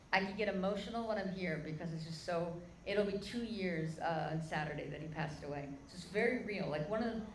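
A woman's voice: medium pitch, slight background noise. A woman preacher telling a heartfelt story from the pulpit, her voice rising with feeling as she speaks to the crowd. The sound carries a roomy echo with faint background ambience. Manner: emotional storytelling, addresses crowd as "guys". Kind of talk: sermon testimony.

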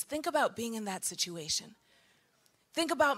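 A woman pastor preaching a sermon, animated and laughing at times, building to shouted passages. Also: fairly high pitch, moderate pace, long pauses.

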